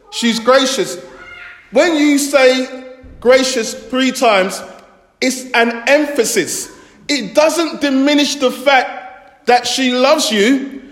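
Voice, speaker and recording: A man preaching a sermon in a church, speaking slowly and deliberately and stressing his points through repetition. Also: extremely high pitch, fairly bright tone. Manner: slow, deliberate delivery with emphatic repetition. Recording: echoey church hall with long reverb.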